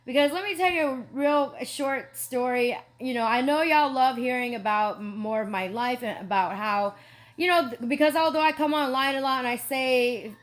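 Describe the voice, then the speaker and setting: A woman talks in a rambling, giggly way through a story on her livestream. Her voice sits high, and "you know" keeps slipping in between her thoughts. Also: normal speed. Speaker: online preacher and streamer.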